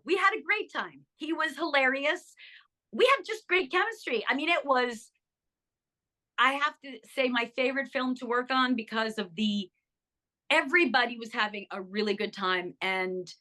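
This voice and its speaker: Bright, enthusiastic older actress. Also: female voice, sits high. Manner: enthusiastic, animated, lots of fillers. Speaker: actress and interview guest. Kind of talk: casual interview chat.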